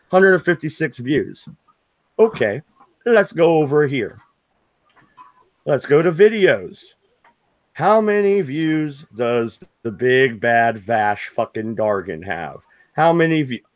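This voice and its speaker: Streamer host, male, mid-pitched, cursing and taunting, recorded dry and close. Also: no echo. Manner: profane, mocking, confrontational. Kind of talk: angry livestream rant.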